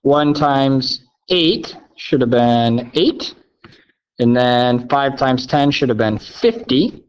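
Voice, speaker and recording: A man's voice: medium pitch, lively intonation, slow, clear, resonant tone. Upbeat male math teacher, lo-fi sound. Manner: upbeat, playfully sarcastic, says "okay?" often. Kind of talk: recorded video lesson. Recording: dull lo-fi sound.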